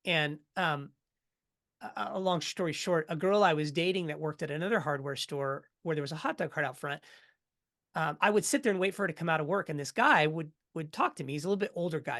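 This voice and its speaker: A middle-aged man, a podcast guest, telling his story in a casual, energetic way and acting out what others said. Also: a little high, quick pace. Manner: energetic, animated storyteller who acts out quotes.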